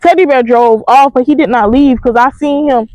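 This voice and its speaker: A young woman telling a storytime in a casual, profane, animated way. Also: high voice, moderate pace, highs cut off, noisy background. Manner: animated, profane, emphatic retelling.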